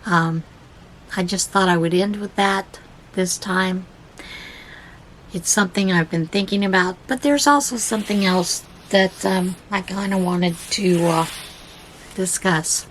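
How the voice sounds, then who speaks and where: A woman's voice: medium pitch, fairly even intonation, unhurried, a bit bright, a little hiss or hum, low-quality recording. A woman hosting a crafting podcast, telling a rambling story full of fillers and reading a devotional aloud. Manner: chatty, storytelling with many fillers; reads devotional passages aloud. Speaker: podcast host. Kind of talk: casual rambling chat.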